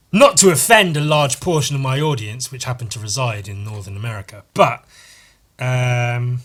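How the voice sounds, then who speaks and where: A man's voice: medium pitch, expressive, brisk, fairly bright tone. A young British man hosting a casual solo podcast, rambling and sarcastic, swearing often and jumping up into silly voices. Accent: British English. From Britain. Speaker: podcast host.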